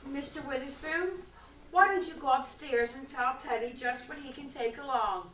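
A woman plays a fussy elderly spinster aunt, high and tender-voiced. The sound comes from a far mic in an echoey hall, under a faint hiss. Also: moderate pace, bright, forceful tone. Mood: sweet, doting. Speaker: stage actor. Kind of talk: amateur stage play. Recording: echoey stage, far mic, light noise.

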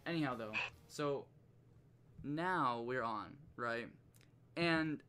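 A man's voice: mid-range voice, slow pace, pauses often, clear, resonant tone, soft background music. A man streaming, ranting casually with lots of swearing and laughter. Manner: profane, animated, laughs often.

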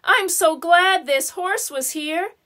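A woman voicing an excitable nearsighted young princess in a storybook, exclaiming and lively. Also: very high-pitched, slow, heavily acted. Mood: excited.

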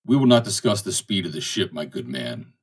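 A stern, calculating ship captain with a low, husky voice speaks in a measured, commanding way, as a male reader puts him on. The audiobook recording sounds a little distant, with the mic set some way back from the voice. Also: sing-song, full character voice. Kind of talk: audiobook dialogue reading.

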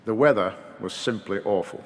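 A man delivering a formal memorial eulogy in a measured, gently wry manner at a podium microphone. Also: fairly low pitch, creaky. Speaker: eulogy speaker. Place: large hall at a memorial service. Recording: long reverb of a large hall.

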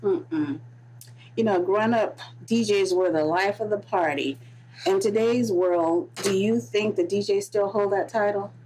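A woman's voice: medium pitch, a little slow, warm tone, slight background noise, rough recording. A woman hosting an interview show, friendly and attentive, asking questions and giving short prompts. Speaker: podcast host.

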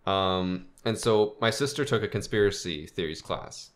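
A man's voice: low voice, expressive, normal speed. A young man co-hosting a podcast, telling a rambling story with lots of fillers in casual chat. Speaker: podcast co-host.

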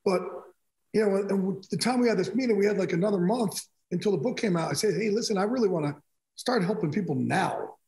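Speaking fast with vocal fry in a high voice, a middle-aged sports broadcaster guest tells stories during a casual interview. He animatedly acts out conversations in quotes. The recording has echo from the room.

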